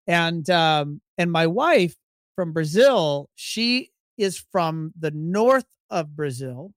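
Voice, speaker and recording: A man's voice: on the high side, expressive, slow, no echo, studio quality. A man from Virginia with a mostly neutral American accent, hosting an interview in a chatty, conversational way. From Virginia, United States. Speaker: podcast host. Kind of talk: casual interview talk.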